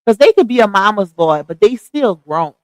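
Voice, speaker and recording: A woman's voice: mid-range voice, sing-song, moderate pace, no room sound, rough recording. A middle-aged woman hosting a casual live-stream gossip chat. She reads viewer comments aloud and reacts with sassy slang, laughing often. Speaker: livestream host reading chat comments.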